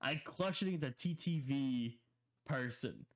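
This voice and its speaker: A man's voice: medium pitch, a little slow. A young man co-hosting a casual podcast, telling a story in a rambling way with many repeated words and laughs. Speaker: podcast co-host.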